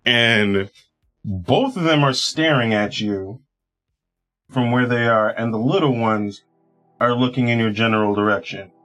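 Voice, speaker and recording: A man's voice: mid-range voice, a little slow, fairly bright tone, faint music behind. A man running a tabletop game as game master, describing scenes casually with fillers.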